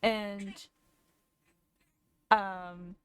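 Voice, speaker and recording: A woman's voice: medium pitch, flat delivery, drawn-out words, smooth, no room sound. A woman in her twenties, a streamer, telling a long casual story with lots of fillers and self-corrections. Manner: rambling, lots of fillers and restarts.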